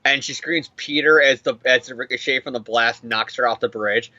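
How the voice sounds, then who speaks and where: A young man recapping a comic book issue in casual chat, animated and swearing as he acts out the characters. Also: medium pitch, fairly quick, no echo, highs cut off. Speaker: comic podcast co-host.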